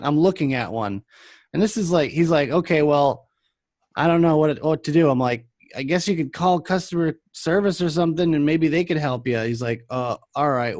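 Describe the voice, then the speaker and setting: Young guy ranting about customers, pretty high voice, dead dry room. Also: no room sound. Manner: animated, acts out customers in a higher voice. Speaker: vape shop worker telling stories. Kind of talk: casual chat, storytelling.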